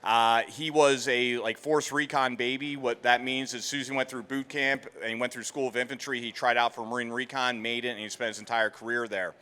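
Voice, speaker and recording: A man's voice: mid-range voice, flat delivery, brisk, few pauses, bright, forceful tone, smooth. A man in his forties from outside Philadelphia, telling a personal story to an audience in a casual, conversational way. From outside Philadelphia, USA. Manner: casual storytelling, quotes others in dialogue. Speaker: featured speaker, veteran. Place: expo hall stage.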